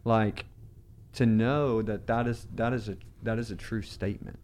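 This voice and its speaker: A man's voice: fairly low pitch, steady tone, moderate pace, a little mellow, a little hiss or hum. A man hosting a faith conversation, reflective and affirming, often murmuring agreement. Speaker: host.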